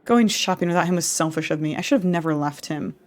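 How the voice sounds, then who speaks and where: Woman reading a stubborn older wife, low-pitched and firm, from a dating game. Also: fast, lightly acted. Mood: remorseful. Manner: stubborn, then weary and remorseful. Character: proud older woman caring for her ailing husband.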